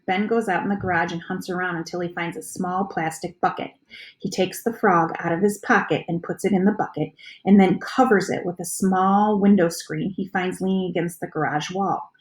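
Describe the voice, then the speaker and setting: A woman reading a children's storybook aloud in a steady, plain narration. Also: lowish voice.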